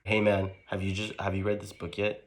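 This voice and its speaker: A man's voice: on the low side, monotone, lightly acted. A man playing a pair of young college bros in a skit, trading slangy banter full of "bro" and "man.". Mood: joking banter. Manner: laid-back, drawn-out "bro" and "man" slang.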